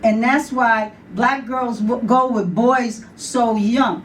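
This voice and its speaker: Slow, high-voiced New York poet, storytelling live, mic some distance away with faint room noise. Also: female voice. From New York City. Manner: storytelling with acted voices and laughter. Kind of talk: live poetry reading. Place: bar with live audience.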